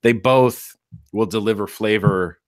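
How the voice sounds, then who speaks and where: A man's voice: lowish voice, a little slow, no room sound, studio quality. A man talking as a guest in a casual interview, enthusiastic and repeating phrases for emphasis. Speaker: guest, atomizer designer.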